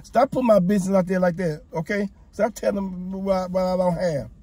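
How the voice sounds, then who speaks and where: A man arguing from the passenger seat of a car, swearing constantly, stammering and often shouting. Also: sits high, fairly even intonation, a little fast, no echo. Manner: profane, stammering, yelling. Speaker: prank target, passenger. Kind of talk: heated casual argument. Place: inside a car. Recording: car interior noise.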